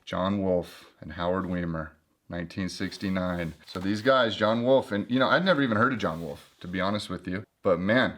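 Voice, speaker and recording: Chatty male host, casual book review, lowish voice, joking asides. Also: moderate pace, fairly bright tone. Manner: chatty and joking, flips through pages. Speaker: host reviewing an old climbing guidebook.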